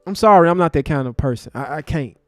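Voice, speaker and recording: A man hosting a live stream, angry and passionate, cursing in street slang, with loud bursts and low mutters. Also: animated, fast talker, no room sound, studio quality, soft background music. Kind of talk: heated live stream commentary.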